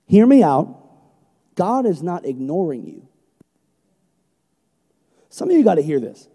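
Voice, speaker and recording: High mellow-voiced guy preaching hard in a big church, long echo. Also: sing-song, a little slow, pauses often. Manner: passionate, swings from loud emphatic peaks to quiet storytelling. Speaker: pastor. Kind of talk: sermon. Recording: long hall reverb.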